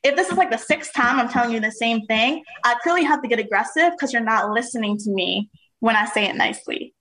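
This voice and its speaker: A woman's voice: a little high, brisk, fairly bright tone, low-quality recording. A woman co-hosting a podcast, making her case in assertive casual debate and explaining at length. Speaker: podcast co-host.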